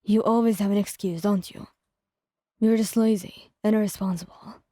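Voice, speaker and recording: A woman's voice: medium pitch, steady tone, normal speed, dark tone, dry recording, studio quality, natural voice. A woman voicing a hot-tempered young man who scolds his girlfriend in a harsh, cursing way. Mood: angry.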